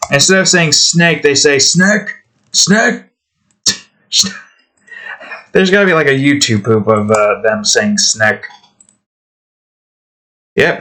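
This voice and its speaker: A man's voice: medium pitch, a bit bright. A man hosting his own art channel, chatting casually while he draws, rambling and trailing off. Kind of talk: casual talk while drawing.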